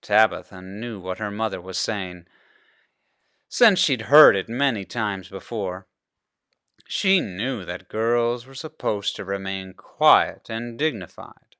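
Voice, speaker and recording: A male pastor reading a children's storybook aloud, narrating in an expressive way. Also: fairly low pitch, takes it slowly, smooth, dry recording, studio quality.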